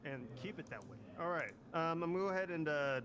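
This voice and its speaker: A man from Kansas chatting casually during an online game role-play, loud and excitable, swearing often and restarting his sentences. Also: on the high side, quick pace, noisy background. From Kansas, USA.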